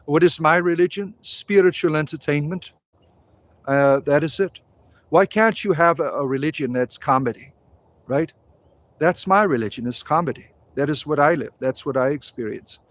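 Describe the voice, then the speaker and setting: A man's voice: a little high, moderate pace. A man in his forties hosting a casual livestream outdoors, rambling through viewer comments and swearing freely. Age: 40s. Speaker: livestream host.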